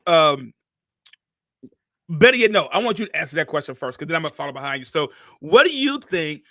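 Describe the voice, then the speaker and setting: Bright, high-voiced preacherly male host. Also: very animated, no echo, clean studio sound. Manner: drawn-out, preacherly, repeats phrases for emphasis. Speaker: podcast host. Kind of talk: casual interview talk.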